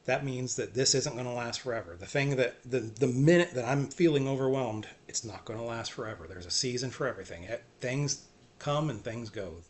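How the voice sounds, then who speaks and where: A man giving an earnest, self-encouraging faith talk, repeating short phrases and often trailing off softly. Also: mid-range voice, a little fast. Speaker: faith vlogger. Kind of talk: personal faith talk to camera.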